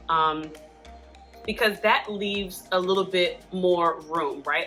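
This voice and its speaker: A woman's voice: fairly low pitch, a little slow, bright, forceful tone, soft background music. A woman hosting a casual advice talk, speaking in a chatty, earnest way with frequent asides. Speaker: host giving parenting support advice.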